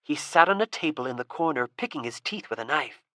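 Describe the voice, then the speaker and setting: A woman narrating an audiobook in a steady, expressive reading style. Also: sits low, brisk, no echo. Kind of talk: scripted narration.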